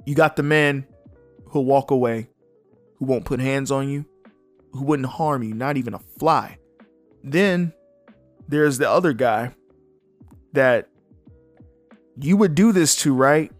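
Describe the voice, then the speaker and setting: A young man hosting a casual solo podcast, blunt and animated, swearing freely as he comments. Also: medium pitch, slow, long pauses, dry recording, soft background music. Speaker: podcast host.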